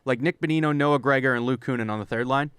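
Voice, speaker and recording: A male podcast co-host who runs through lists of stats and player moves in a brisk reading voice, then slips into casual commentary. His tone is clear and smooth at a middle pitch, recorded dry and close. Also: a bit bright, no room sound. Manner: reads off lists of stats and signings briskly, then chats loosely. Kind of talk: casual sports chat.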